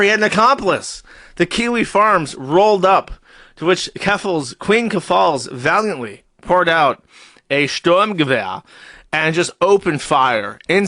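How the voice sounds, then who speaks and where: A man's voice: on the high side, pushed and bright, no room sound. A man hosting a live stream, reading posts aloud and mocking them in a sarcastic, profane, mock-serious tone. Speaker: streamer host.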